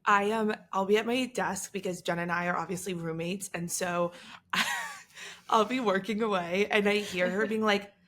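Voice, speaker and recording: Young woman cohost, middle pitch, easygoing chat, a bit teasing. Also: normal speed, a bit bright. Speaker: podcast co-host. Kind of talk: casual chat.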